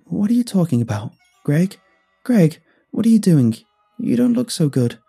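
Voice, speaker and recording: A woman's voice: low voice, very animated, moderate pace, mellow, breathy edge, soft background music, pitched above the performer's own voice, heavily acted. A man voicing a frantic young woman lab colleague who pleads in rising, panicked questions. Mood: worried, frantic.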